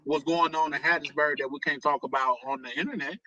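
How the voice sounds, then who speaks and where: A man chatting on a livestream, asking questions in slangy, animated banter. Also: a little high, fast, dull audio. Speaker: co-host on a livestream. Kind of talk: casual livestream chat.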